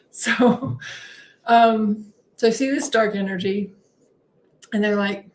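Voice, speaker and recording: A woman's voice: slow, long pauses. A woman hosting a spiritual livestream, telling her story casually and animatedly with frequent laughs. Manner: chatty, laughs often between sentences; animated, swings her voice up high when acting out her own replies.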